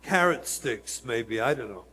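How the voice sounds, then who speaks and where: A man's voice: medium pitch, expressive, a little slow, sharp tone, in a large hall. A man, a rabbi, giving an earnest storytelling lecture and speaking directly to his listeners.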